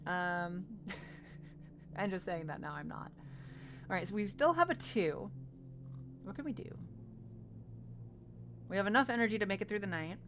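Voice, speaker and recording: A woman's voice: medium pitch, expressive, moderate pace, long pauses, a bit bright, slight background noise. A woman streaming a game live, chatting casually, emotional and giggly.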